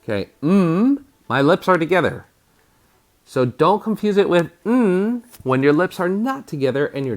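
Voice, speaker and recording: A man teaching a spelling lesson to fourth graders, sounding out letters and syllables, with bursts of energy like "bam". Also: medium pitch.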